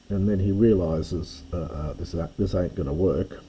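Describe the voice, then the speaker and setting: A man teaches a close reading at an unhurried pace, thinking aloud and correcting himself as he goes. His voice sits low, with a very mellow, dark tone. A husky edge runs through it. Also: low-quality recording. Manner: thinks aloud, hesitant, with fillers and self-corrections. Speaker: classics teacher reading Greek text. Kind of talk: unscripted close-reading lesson.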